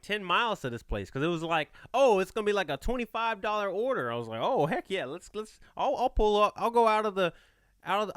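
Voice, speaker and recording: Animated, bright-voiced man telling a story. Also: high-pitched, clear, resonant tone, no echo, clean studio sound. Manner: animated, playful, slips into quoted voices. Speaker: podcast host. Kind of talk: casual storytelling chat.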